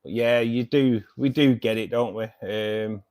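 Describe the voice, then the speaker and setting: A man's voice: medium pitch, fairly even intonation, measured pace, darkish tone. A man hosting a casual livestream, chatting with viewers in a friendly, hesitant way, full of ums and calling people mate and buddy. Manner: hesitant, many ums and restarts. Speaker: aquarium channel host.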